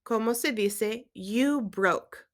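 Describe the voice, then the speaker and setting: A woman teaching a Spanish lesson, quizzing viewers and gently checking their accent marks as she switches between English and Spanish. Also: on the high side, slow. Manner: asks quiz questions and gently checks accents. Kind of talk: recorded language lesson.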